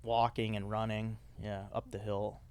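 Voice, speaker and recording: A man's voice: lowish voice, flat delivery, unhurried, a little mellow, smooth, no echo. A man hosting a podcast, chatting loosely and teasing his guest. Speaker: podcast host. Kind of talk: casual chat.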